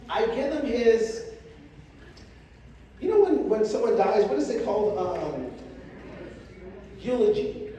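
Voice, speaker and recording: A man's voice: sits high, dark tone. A middle-aged man giving an emphatic motivational speech on stage to a large audience and getting the crowd to repeat lines after him. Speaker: motivational speaker. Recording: echoey hall, distant mic, crowd.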